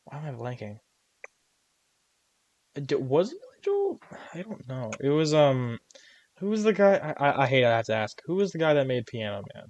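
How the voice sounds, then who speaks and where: A man's voice: medium pitch, wildly swooping pitch, moderate pace, darkish tone, dry recording, muffled recording. A young man co-hosting a podcast in casual chat, telling rambling stories full of fillers and restarts. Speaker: podcast co-host.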